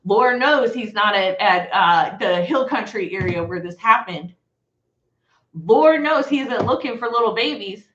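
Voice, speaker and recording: A woman's voice: mid-range voice, lively intonation, unhurried, fairly bright tone. Fired-up woman ranting on a livestream. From Texas. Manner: fired-up, blunt, swears and addresses viewers as y'all. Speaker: livestream host. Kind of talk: heated livestream rant. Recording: echoey room, slightly dull sound.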